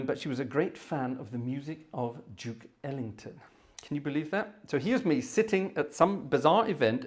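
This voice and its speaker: Male organist-host, mid-pitched, rambling anecdote with many fillers and restarts. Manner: rambling, filler-heavy, self-interrupting. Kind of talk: live storytelling anecdote.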